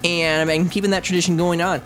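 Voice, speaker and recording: A man's voice: sits high, fast, soft background music. A man co-hosting a casual gaming podcast, joking and imitating game characters. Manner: animated, jokey, mimics game voices. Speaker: podcast co-host.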